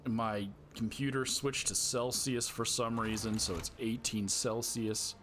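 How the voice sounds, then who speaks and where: A man's voice: mid-range voice, steady tone, a little slow, fairly bright tone, a little hiss or hum. A man giving casual gameplay commentary, chatty and thinking aloud, his throat dry from having just woken up. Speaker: gamer streamer.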